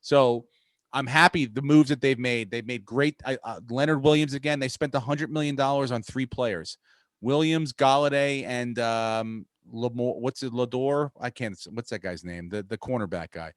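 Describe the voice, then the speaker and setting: A man hosting a podcast, talking sports in a profane, rambling, excitable way. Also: medium pitch, moderate pace, dry recording. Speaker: podcast host. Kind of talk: casual sports chat.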